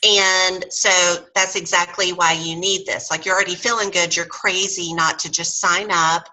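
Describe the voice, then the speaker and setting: A woman's voice: lowish voice, fairly even intonation, moderate pace, sharp tone, poor audio. A middle-aged woman telling her story in a casual interview chat, often acting out what others said. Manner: chatty storyteller, acts out quoted voices. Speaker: guest sharing her story.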